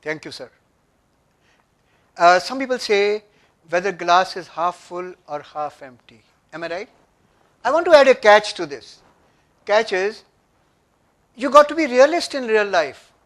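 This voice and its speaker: Older indian guy lecturing a workshop, punchy, high-pitched for a man. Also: lively intonation, a little slow, long pauses, fairly bright tone. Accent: Indian English. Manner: emphatic, asks the audience questions. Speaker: workshop speaker. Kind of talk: motivational lecture. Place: conference room.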